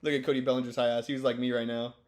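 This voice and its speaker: A man's voice: mid-range voice, little pitch movement, racing. A stoned man giving rambling, joking, profane commentary over sports clips. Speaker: video host.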